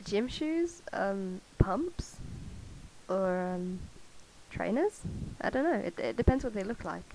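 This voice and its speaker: A woman's voice: medium pitch, expressive, takes it slowly, background noise. A woman chatting casually in a vlog, chatty and self-mocking with casual swearing, recorded on a cheap karaoke mic. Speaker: vlogger. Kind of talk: casual chat.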